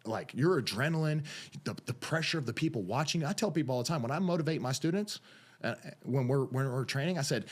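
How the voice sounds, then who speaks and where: A man talks through his path into coaching and refereeing as a podcast guest. His storytelling is casual and animated. He keeps slipping into the voices of the people he quotes. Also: medium pitch, fast talker, slightly rough. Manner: animated storyteller, acts out quotes, repeats phrases.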